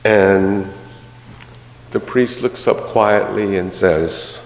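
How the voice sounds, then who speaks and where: A male minister tells a story during his sermon in an easy, conversational way, with touches of humor. His voice is on the low side. The recording has the roomy, long reverb of a church hall. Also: slow.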